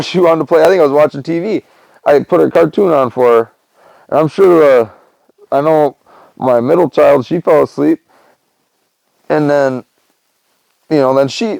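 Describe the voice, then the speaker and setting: Gravelly-voiced man rambling through a story. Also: on the high side, a little mellow, no echo, poor audio. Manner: rambling, loose, lots of "man" and "you know". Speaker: podcast host. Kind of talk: casual storytelling monologue.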